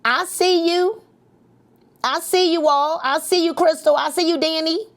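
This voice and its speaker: A middle-aged woman coaching a live motivational session, energetic and leading the group in call-and-response with lots of repetition. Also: very high voice, measured pace. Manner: energetic, repeats phrases for emphasis, leads call-and-response.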